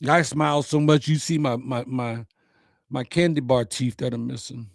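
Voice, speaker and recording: A man's voice: medium pitch, steady tone, normal speed, vocal fry, no echo. A man hosting his own show, delivering a personal, uplifting message in an earnest, preacher-like way with repeated phrases.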